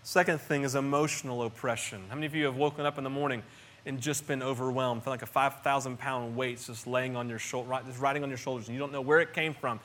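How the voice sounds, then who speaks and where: A middle-aged man preaching a sermon in an earnest, conversational way, often restarting phrases and swinging between soft and loud. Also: mid-range voice, steady tone, fast talker. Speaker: pastor.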